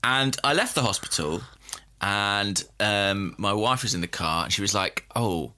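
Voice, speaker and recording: A man's voice: fairly low pitch, animated, moderate pace, pushed and bright, a little hiss or hum. A man co-hosting a football podcast, telling a long self-deprecating anecdote in casual chat. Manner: self-deprecating storyteller, laughs at own mishaps. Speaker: podcast co-host.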